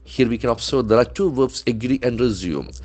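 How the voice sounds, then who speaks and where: A man with a medium-pitched, slightly mellow voice speaks briskly as an English trainer. He teaches vocabulary drawn from newspaper headlines, spelling words letter by letter and modeling how they're pronounced.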